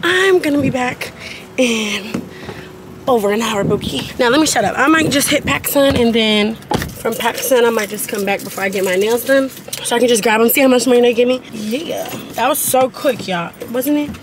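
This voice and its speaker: Teen girl vlogger, chatty, slightly high voice, noisy handheld camera sound. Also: moderate pace. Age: teens. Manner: chatty, animated, addresses viewers as y'all. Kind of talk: casual vlog chat to viewers. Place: in a car and around a shopping area. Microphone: handheld vlog camera. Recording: noisy handheld vlog recording.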